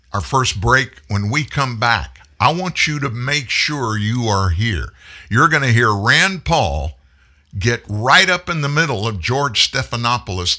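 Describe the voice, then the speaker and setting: A man's voice: medium pitch, pushed and bright. A man hosting a talk show, delivering a folksy, emphatic political commentary monologue. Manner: folksy, emphatic, preachy, addresses listeners as folks.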